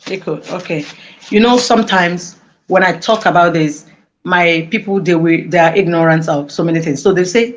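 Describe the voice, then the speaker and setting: A woman giving an emotional interview, speaking passionately and halting with many restarts. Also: on the low side. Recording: dull lo-fi audio.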